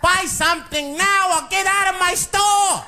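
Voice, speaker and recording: A man putting on a shrill scolding shopkeeper. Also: unhurried, pushed and bright, exaggerated voice. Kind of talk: stand-up comedy. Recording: live stage mic with crowd laughter.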